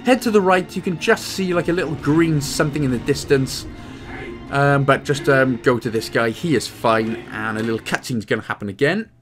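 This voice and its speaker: A man's voice: mid-range voice, normal speed, over music. A man with a Welsh accent giving playful, joking commentary as host of a game walkthrough. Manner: jokey, playful, animated.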